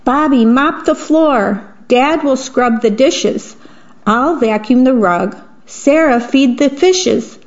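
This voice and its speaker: A woman reading a picture book voices a bossy, hurried parent handing out chores in a brisk, commanding way. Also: high-pitched. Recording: dull lo-fi recording.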